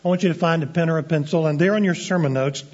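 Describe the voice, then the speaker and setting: Earnest pastor preaching, dull lo-fi sound. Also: male voice, on the high side, a little mellow. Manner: earnest, deliberate preaching with slow stressed phrases. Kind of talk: sermon. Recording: dull lo-fi sermon recording.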